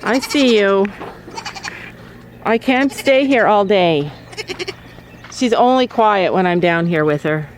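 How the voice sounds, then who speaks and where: In a low-quality recording, a woman on her farm talks casually to camera, chatting with viewers and coaxing the goats she's caring for. Her mid-range voice has lively intonation, and she takes it slowly with long pauses. Outdoor farm noise and bleating goats are heard behind her.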